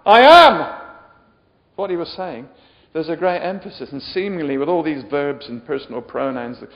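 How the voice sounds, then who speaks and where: A man preaching a sermon in a chatty, joking way, often putting questions to his listeners. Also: medium pitch. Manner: chatty, jokey, asks the audience questions. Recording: dull lo-fi sound with long hall reverb.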